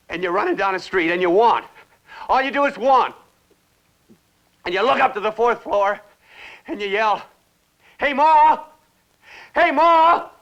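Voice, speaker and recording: An actor playing an obsessed man in a 1960s television drama, swinging between whispers and shouts as he raves about money. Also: high-pitched.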